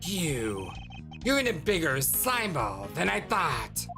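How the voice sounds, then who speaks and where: A game streamer reading a composed male prosecutor in a lower, slow, cutting voice. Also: wildly swooping pitch, gravelly, music in the background, full character voice. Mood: cold. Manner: low, deliberate and cutting.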